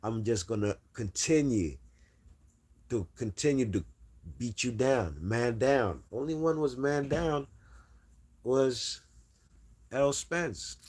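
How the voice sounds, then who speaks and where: A man's voice: medium pitch, expressive, takes it slowly, pauses often, a little mellow, no room sound. A man hosting a casual boxing livestream, reading chat aloud and talking trash.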